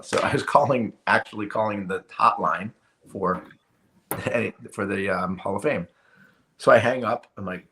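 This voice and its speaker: Deep gravelly middle-aged man. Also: unhurried, bright, forceful tone, a little hiss or hum. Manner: emotional retelling with many restarts and "you know". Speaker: podcast guest, retired hockey player. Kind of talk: storytelling in a casual interview.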